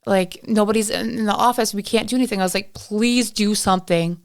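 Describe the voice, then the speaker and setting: A woman's voice: medium pitch, fairly even intonation, quick pace. Chatty young Canadian woman storytelling. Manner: chatty, acts out both sides of a story with filler "like". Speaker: podcast guest. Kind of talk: casual storytelling.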